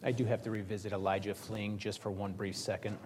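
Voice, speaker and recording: A man's voice: fairly low pitch, little pitch movement, a little fast, a little mellow, a little hiss or hum. A male pastor preaching a sermon in a conversational, joking storytelling manner.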